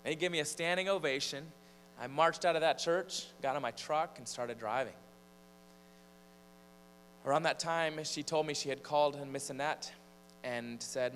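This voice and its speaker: At a moderate pace and a fairly high pitch, a man from Michigan, both preacher and singer, spins an animated personal story from the pulpit, steadily building suspense. A big church's lingering reverb and a faint hum are audible.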